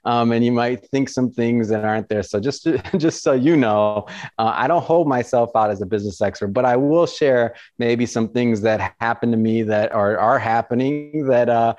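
A man, a podcast host and author talking as an interview guest, telling stories in a casual, animated way with many fillers and restarts. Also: mid-range voice, moderate pace, no room sound. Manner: animated storyteller, many fillers and restarts, acts out quoted excitement. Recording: dry, dull lo-fi sound.

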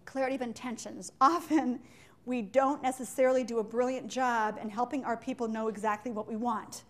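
A woman giving a live business talk to an audience in an animated, joking way, firing questions at the listeners. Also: fairly high pitch, a little fast. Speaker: leadership speaker.

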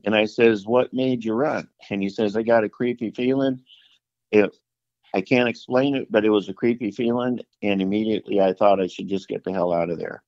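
A man's voice: lowish voice, fairly quick, a little mellow, no room sound. A middle-aged outdoorsman telling a story casually, rambling with fillers and restarts and acting out the dialogue. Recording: dull lo-fi dry sound.

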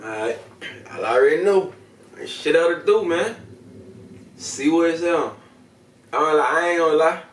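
A man talks casually to his viewers in loose slang and constant cursing, rambling from one thought to the next. His voice sits on the higher side for a man. The sound is roomy and picked up from a distance, with the walls echoing. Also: lively intonation, measured pace, pauses often, slight background noise. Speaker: video host reviewing smoking products. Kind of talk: casual slang-heavy vlog chat.

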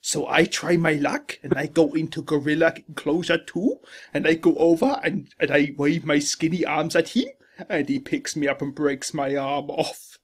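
A boastful French troll fills the game chat, as a man puts him on with a husky, slightly high voice. He speaks in mock-French broken English and tells absurd tall tales with a straight face. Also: fairly even intonation, moderate pace. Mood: boastful storytelling. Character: boastful man putting on a fake French gamer persona. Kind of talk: prank gaming voice chat.

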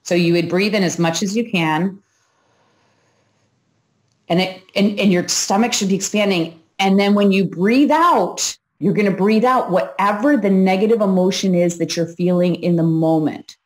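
A woman host talking viewers through a breathing exercise in a calm, instructive way, pausing as she guides each breath. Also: mid-range voice. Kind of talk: coaching talk to viewers.

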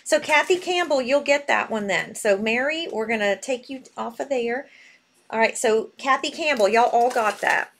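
A woman hosting a live jewelry sale stream, excitable and reading buyer names aloud as she types. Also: a little high, normal speed, creaky.

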